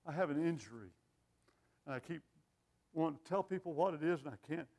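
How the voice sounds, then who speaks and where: An older man preaching a sermon with an animated, self-deprecating sense of humor, often laughing at himself. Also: a little high, fairly quick. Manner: lively, animated delivery.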